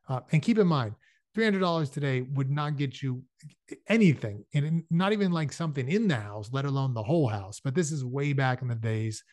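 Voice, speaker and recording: A man reads a novel aloud at a medium pitch, steady and unhurried, now and then breaking off to explain things in a casual, chatty way. The recording is dry and close, with no room sound. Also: no room sound. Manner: casual explanatory asides between passages. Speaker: audiobook reader.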